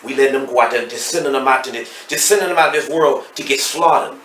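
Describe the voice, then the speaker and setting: A middle-aged man with a Texas accent, speaking as a podcast guest and telling his story candidly and emotionally, swinging between loud and hushed. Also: medium pitch, quick pace, distant mic. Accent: Southern US, Texas. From Dallas, Texas. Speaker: podcast guest, hip hop artist. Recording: roomy echo, off-mic, faint noise.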